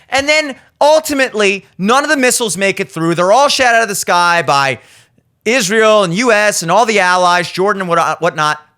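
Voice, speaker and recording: A man's voice: sits high, bright, forceful tone. A man in his thirties hosting a podcast, giving blunt, profane opinion commentary and acting out the people he quotes. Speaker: podcast host. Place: studio.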